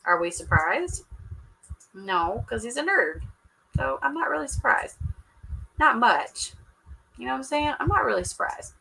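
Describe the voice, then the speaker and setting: Chatty woman doing a live reaction stream, bright sharp voice, teasing, talks to her viewers a lot. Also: on the high side, sing-song, a little slow, vocal fry, pauses often, slight background noise, rough recording. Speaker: show reaction host. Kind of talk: casual live reaction chat.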